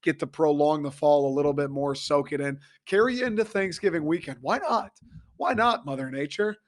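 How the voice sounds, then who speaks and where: A young man from Michigan, hoarse and a little raspy, ranting profanely and excitably as he hosts a casual sports talk show. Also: on the high side, brisk. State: hoarse after a concert. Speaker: sports podcast host.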